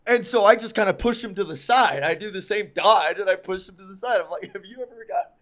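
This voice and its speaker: A man's voice: high voice, a little fast, fairly bright tone. A young man telling a long personal story on a podcast, casual and rambling, full of ums and likes, and often mocking himself. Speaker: podcast co-host.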